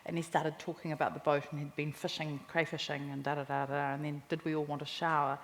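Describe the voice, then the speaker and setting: New Zealand woman in her sixties telling lively stories in an echoey hall. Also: low-pitched, fast. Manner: lively, laughing anecdotes. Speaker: memoir author, interview guest. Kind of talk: storytelling in a live interview. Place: live talk venue with audience. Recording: echoey hall, faint background noise.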